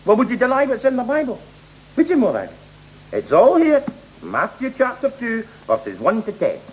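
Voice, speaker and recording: A man's voice: very high voice, wildly swooping pitch, normal speed, full character voice. An actor playing an indignant, bigoted middle-aged husband who rants at his wife in a TV sketch. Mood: ranting. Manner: indignant ranting. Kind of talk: 1980s TV sketch comedy. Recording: noisy old TV broadcast.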